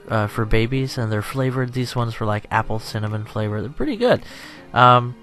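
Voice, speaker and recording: A man's voice: mid-range voice, fairly bright tone. A tired young man chatting over gameplay as a channel host, rambling and self-deprecating, laughing often.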